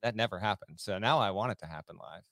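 A man's voice: on the low side, vocal fry, fairly bright tone, no echo, clean studio sound. Playful male sports podcast co-host. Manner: playful, joking, quick banter. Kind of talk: casual sports talk.

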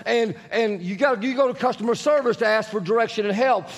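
A man preaching a sermon as pastor, animated and asking the congregation questions, sometimes rising to shouts. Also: high voice, brisk. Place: church sanctuary. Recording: long church reverb.

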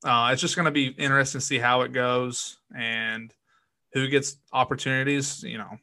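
Male sports podcast co-host, bright edgy tone, dry close sound, measured casual delivery. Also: mid-range voice, steady tone, no room sound.

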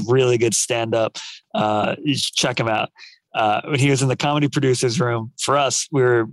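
A man's voice: medium pitch, no echo, poor audio. A man co-hosting a casual podcast chat, telling stories with energy and breaking into laughter along the way. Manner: animated storyteller, laughs mid-story. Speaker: podcast co-host.

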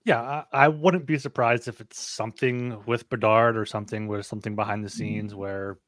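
A man's voice: fairly low pitch, steady tone, normal speed, a bit bright, dry recording. A man co-hosting a sports betting podcast, chatting casually and often repeating words as he talks. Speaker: podcast co-host.

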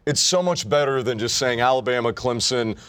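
A man's voice: mid-range voice, brisk, a bit bright, clear, resonant tone. A young adult man co-hosting a sports talk show, brash and profane, ribbing his co-host in casual banter. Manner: brash, profane, mock-insulting.

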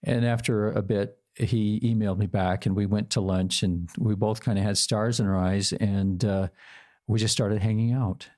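An older man telling a personal love story in a hesitant, halting way, with many fillers and restarts, acting out both sides of the dialogue. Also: lowish voice, steady tone, a little mellow. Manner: quotes himself and his partner in dialogue.

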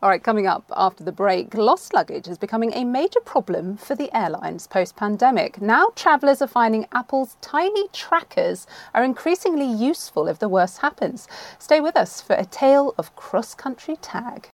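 A woman presenting a news programme in a brisk, polished way. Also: on the high side, big pitch swings, dry recording. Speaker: news anchor.

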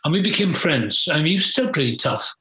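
Older guy rambling through old stories, frank and full of ums, bright tense voice, echoey room. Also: fairly high pitch, expressive, brisk. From Britain. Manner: rambling, frank, hesitant with many fillers. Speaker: guest. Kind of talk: reminiscing interview. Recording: roomy echo.

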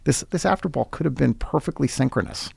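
A man's voice: medium pitch, animated, fairly quick, vocal fry, darkish tone, husky, no echo. A man hosting a podcast, reading scripted sports commentary with sarcastic, wry asides. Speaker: podcast host.

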